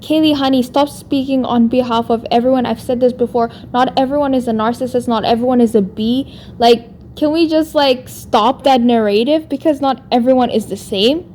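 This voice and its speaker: A woman with a non-American English accent rants in a vlog, responding to another creator with exasperation and "like" in nearly every sentence. Her high, darkish voice moves at normal speed with hardly any pauses, over a faint hiss or hum.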